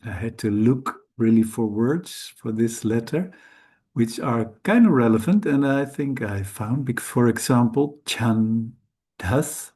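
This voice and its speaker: A man whose first language is Dutch, teaching Sanskrit letters in a slow, careful lesson, hesitant and correcting himself often. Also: mid-range voice, mellow, slightly rough. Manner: hesitant, halting, with frequent self-corrections.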